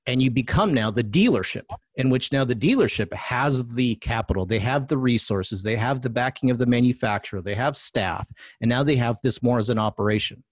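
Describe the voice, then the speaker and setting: A man's voice: medium pitch, no echo. Dry, close-miked man hosting a chat. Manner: conversational, self-correcting, asks for agreement. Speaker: podcast host. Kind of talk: casual political discussion.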